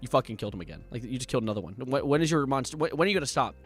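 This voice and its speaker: A male streamer talking in an animated, swearing, casual way. His voice is bright and rather high, and it swings widely up and down. Music plays faintly underneath. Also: slightly rough. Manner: animated, swearing, quick to laugh. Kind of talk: casual live-stream chat.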